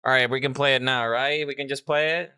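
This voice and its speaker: A music producer presents a remix to a live chat, talking casually and playfully, laughing a lot, swearing freely and breaking into joking meows. His medium-pitched voice is steady and smooth with a sharp tone, a little on the fast side. There's no room sound.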